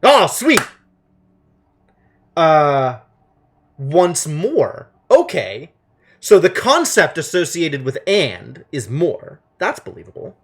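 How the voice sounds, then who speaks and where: A man streaming a game, commenting casually and thinking aloud with excitement. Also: on the high side, slow pace.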